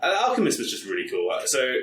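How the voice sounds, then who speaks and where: A man chatting as a guest over beer, telling stories in a halting, rambling way. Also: mid-range voice, wildly swooping pitch, fairly bright tone, far from the mic. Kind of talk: casual chat over beer. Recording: roomy with background noise, off-mic.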